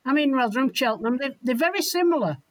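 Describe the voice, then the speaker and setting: Yorkshire woman co-host, bantering and jokey, slightly high, close dry sound. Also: animated, fast talker, dry recording, low-quality recording. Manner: jokey, teasing. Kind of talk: casual radio chat.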